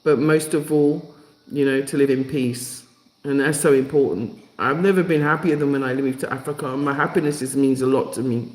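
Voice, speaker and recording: A man's voice: medium pitch, steady tone, moderate pace, a little mellow, echoey room, low-quality recording. Emotional man hosting a live stream. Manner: emotional, repetitive, rallying. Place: home in Africa.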